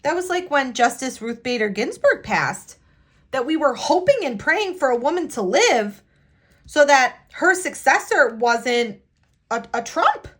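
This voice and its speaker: A U.S. planner vlogger with a high, slightly bright voice sounds very animated as she decorates her planner and chats casually. Still, she speaks hesitantly, sighing and restarting, with a sincere, heartfelt tone.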